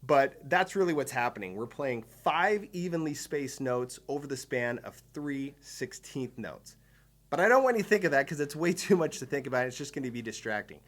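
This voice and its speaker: A man's voice: mid-range voice, lively intonation, moderate pace, fairly bright tone. A man giving a drum lesson, explaining patterns step by step with enthusiasm and counting beats aloud. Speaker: drum teacher. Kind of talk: instructional video lesson.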